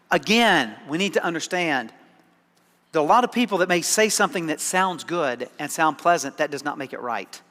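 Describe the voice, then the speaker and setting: In a church sanctuary, a man preaches as pastor in a conversational, dryly sarcastic style, often repeating words as he begins a thought. His fairly high voice is expressive, bright and pushed, at a moderate pace, echoing in the large hall.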